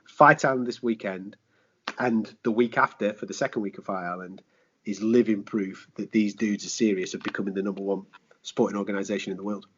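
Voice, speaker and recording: Animated man, husky voice. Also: on the low side, a little fast. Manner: animated, rhetorical questions, swears, British slang. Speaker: sports presenter, podcast guest. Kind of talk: casual podcast chat. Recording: dull lo-fi podcast audio.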